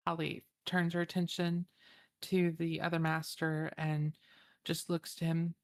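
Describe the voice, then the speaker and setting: A woman's voice: sits low, level tone, measured pace. A woman describing her character in a tabletop game, hesitant and searching for words. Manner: hesitant, many fillers and restarts. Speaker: player.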